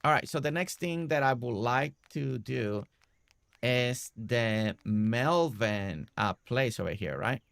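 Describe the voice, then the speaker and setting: Gravelly man chatting over a game. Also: medium pitch, lively intonation, slow, fairly bright tone, no room sound. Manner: chatty, talks to game characters, repeats himself. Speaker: gaming streamer. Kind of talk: casual game commentary.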